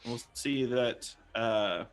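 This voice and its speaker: A man's voice: mid-range voice, extremely slow. A man voicing a gray-haired older woman in a tabletop game, chatty and persuasive as she asks for help.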